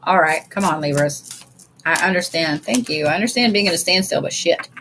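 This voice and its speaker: A woman's voice: lowish voice, brisk, fairly bright tone, slight background noise. Blunt, chatty woman reading cards. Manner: blunt, chatty, swears freely, addresses viewers as y'all. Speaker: tarot and oracle card reader. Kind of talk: casual live card reading.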